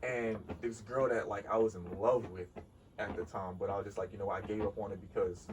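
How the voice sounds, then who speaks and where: A man casually telling a story on a podcast, animated and profane, laughing often. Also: fairly low pitch, fairly quick. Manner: animated, laughing, swears freely. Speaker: podcast co-host. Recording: distant mic with clear background noise.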